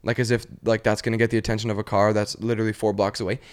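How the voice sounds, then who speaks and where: A man's voice: fairly low pitch, flat delivery, very fast, clear, resonant tone. A young man hosting a podcast, chatting loosely with many 'like's and slipping into silly voices. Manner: rambling storyteller, full of 'like', acts out voices. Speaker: podcast host. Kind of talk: casual chat.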